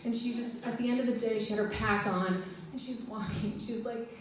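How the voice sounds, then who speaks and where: A woman's voice: fairly even intonation, a little fast, a little hiss or hum. Giggly American woman telling stand-up stories. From United States. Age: 40s. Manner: chatty, giggly, acts out quotes in high voices. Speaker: stand-up comedian. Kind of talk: stand-up storytelling. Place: live room with audience. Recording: distant mic in echoey room.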